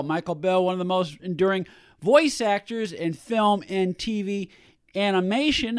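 A man hosts a radio interview in a relaxed, conversational way, leading into his questions at length. His voice is notably high for a man. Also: clean tone. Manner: conversational, asks long lead-in questions. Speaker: host.

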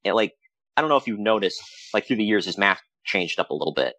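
A man co-hosting a podcast, telling stories in a casual, animated way with frequent laughs. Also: on the low side, fast talker, dry recording. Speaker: podcast co-host. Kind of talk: casual chat.

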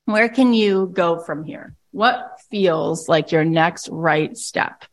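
A woman's voice: on the low side, slow. A woman coach leading a group call, talking emphatically and bluntly and jumping into mocking voices to make her points. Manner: emphatic and animated, with big swings into mocking voices; blunt and profane at times. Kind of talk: impassioned coaching talk.

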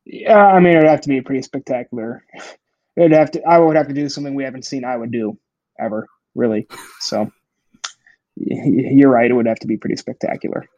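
A man's voice: mid-range voice, fairly quick, a little mellow, no echo, highs cut off. A young adult man co-hosting a podcast, chatting casually with a hesitant, filler-heavy delivery. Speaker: podcast co-host. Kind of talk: casual chat.

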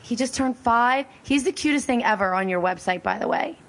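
A woman's voice: a little high, a little fast. A woman from Pennsylvania hosting a casual interview, bubbly and gushing, laughing often. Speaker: show host.

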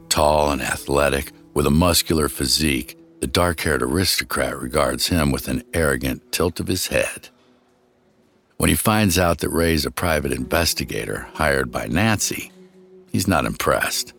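A man narrating a scripted true-crime story in a measured storyteller's manner, sometimes speaking straight to the listener. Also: rumbling low, creaky, fairly bright tone. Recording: studio narration over faint music.

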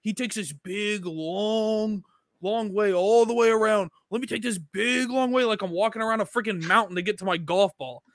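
Man, high voice, dry close sound, heated sports rant, stammering restarts. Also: moderate pace, fairly bright tone, no room sound. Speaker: podcast co-host. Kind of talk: casual sports chat.

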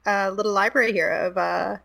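Bright, chatty woman guest from Canada. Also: mid-range voice, fairly even intonation, brisk, vocal fry. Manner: chatty, apologetic, rambling. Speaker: podcast guest. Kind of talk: casual chat. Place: video call recording.

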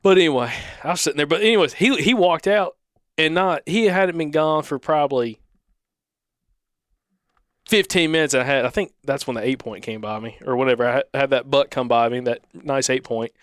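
A man's voice: medium pitch, brisk, no room sound, clean studio sound. A man, co-hosting a podcast and telling a hunting story in a rambling, casual way, acting out the dialogue. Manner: rambling, restarts, acts out quoted dialogue. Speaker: podcast co-host.

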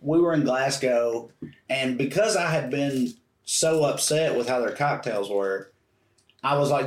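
A man, co-hosting a podcast and telling a story in a casual, animated and profane way. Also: medium pitch, measured pace, slight background noise. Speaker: podcast co-host. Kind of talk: casual chat. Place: room on a trip abroad. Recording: roomy echo.

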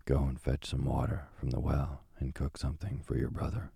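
A man's voice: very deep voice, little pitch movement, moderate pace, gravelly, mellow, breathy edge, no echo, studio quality, exaggerated voice. A man voicing a cruel old witch who barks contemptuous orders in a storybook reading. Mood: harsh. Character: cruel old woman witch, harsh and scornful.

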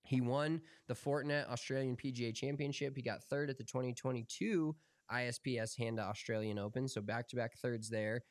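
A man co-hosting a golf podcast, talking in a relaxed, opinionated way and swearing casually. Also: mid-range voice, fairly quick, hardly any pauses, no room sound, studio quality. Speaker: podcast co-host.

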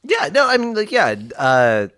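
Man, wry teasing co-host, lively pitch, dry sound. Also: unhurried, dry recording. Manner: wry, teasing, laughs often. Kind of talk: casual banter.

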